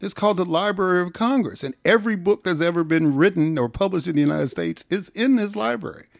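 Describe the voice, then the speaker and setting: A man's voice: high voice, fast, vocal fry, no room sound, clean studio sound. Wry sarcastic male podcast host. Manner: sarcastic, joking asides. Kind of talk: conversational interview.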